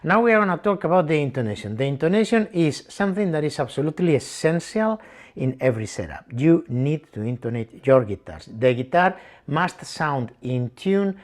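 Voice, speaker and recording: A man talks through a guitar setup at his workbench, going step by step and repeating the key numbers. His voice is lively and animated, with plenty of rises and falls as he stresses each point. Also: fairly high pitch, a little fast. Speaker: guitar tech and channel host. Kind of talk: hands-on setup tutorial.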